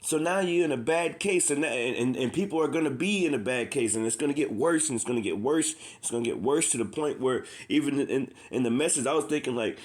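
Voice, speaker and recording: Quick and with few pauses, this man's medium-pitched voice carries an impassioned street sermon. He repeats himself often, keeps saying "man," and breaks in with scripture read aloud.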